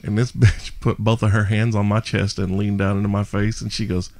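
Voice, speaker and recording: A man's voice: fairly low pitch, level tone, a little fast, gravelly, darkish tone. A young man, a podcast host, telling a story animatedly with frequent laughter and self-mocking asides. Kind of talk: casual storytelling.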